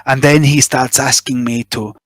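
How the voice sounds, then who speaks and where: A man's voice: medium pitch, fairly even intonation, dry recording, lightly acted. A man doing a nervous middle-aged smuggler who stumbles through his confession, justifying every step in a plain middle-range voice. The sound is dry and close, with no room in it. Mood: uneasy. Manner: halting, eager to justify himself.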